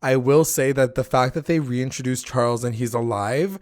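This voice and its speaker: A man's voice: mid-range voice, normal speed, a little mellow, no room sound, clean studio sound. A young man co-hosting a podcast, recapping a TV episode in casual chat, swearing often and acting out the characters' lines. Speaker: podcast co-host.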